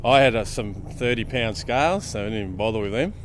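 A man's voice: lowish voice, animated, quick pace, a little hiss or hum. Laid-back Australian man spinning a yarn. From Darwin, Australia. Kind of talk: casual storytelling. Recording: music playing underneath. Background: music.

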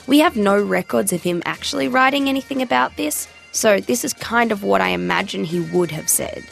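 A woman's voice: mid-range voice, fairly quick, creaky, faint music behind. A woman hosting a scripted podcast in a playful, teasing way. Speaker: podcast host.

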